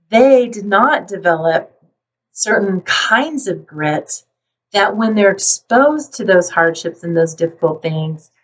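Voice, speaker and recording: Woman psychologist talking parenting, calm explaining voice, mic a bit far off, middle pitch. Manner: calm, explanatory, acts out worried parents in quick asides. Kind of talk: talking to camera about parenting.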